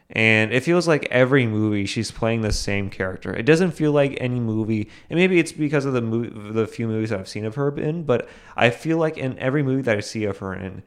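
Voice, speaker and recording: A man's voice: lowish voice, clear, resonant tone. A young man hosting a solo podcast, talking casually and rambling with frequent restarts and fillers. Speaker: podcast host.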